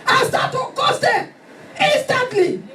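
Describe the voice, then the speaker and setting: A woman preacher delivering a fervent sermon, shouting and acting out stories. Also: extremely high pitch, takes it slowly, crowd noise. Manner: fervent, shouting, dramatic retelling. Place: church hall. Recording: echoey hall from far off with music.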